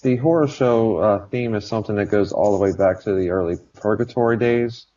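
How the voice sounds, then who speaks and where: A man co-hosting a podcast in casual chat, relaxed, with many filler sounds. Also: on the low side, fairly quick. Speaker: podcast co-host. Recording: slightly dull podcast audio.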